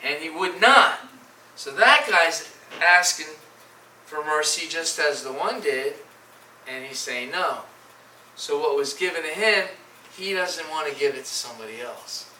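Male preacher, slightly high voice, halting and repetitive, recorded from a distance. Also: lively intonation, bright, forceful tone, a little hiss or hum. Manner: halting, repeats words, reads scripture in old-style phrasing. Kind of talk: sermon. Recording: echoey room from far off.

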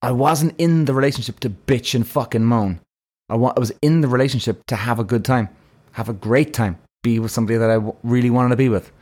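A man, possibly, hosting his own podcast as a casual monologue, speaking bluntly with plenty of swearing and animated emphasis. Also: medium pitch, quick pace. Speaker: podcast host.

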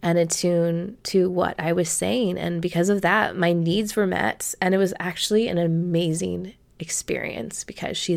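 A woman's voice: fairly low pitch, creaky. A woman podcast host telling a personal story to her listeners in a reflective, earnest way.

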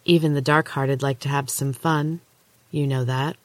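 A woman reading a story aloud, voicing a menacing supernatural woman who talks in a low, gentle, teasing way. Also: steady tone, moderate pace, dry recording.

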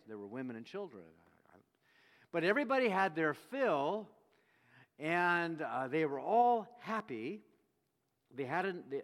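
A man preaching a sermon, telling the story with animated delivery and acting out the quoted voices. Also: medium pitch. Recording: long reverb of a hall.

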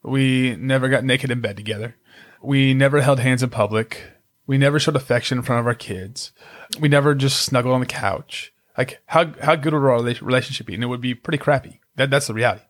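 Guy on a faith podcast, casual but pushy-emphatic, average pitch. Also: fairly quick. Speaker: podcast co-host.

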